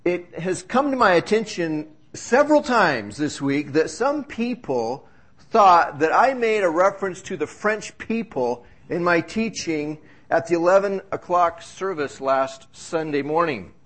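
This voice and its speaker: A pastor preaching to his church, a man whose voice sits a bit higher than most. He talks in an easy, conversational way and tells stories with a joking touch. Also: animated, a little slow, fairly bright tone. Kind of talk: sermon. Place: church service.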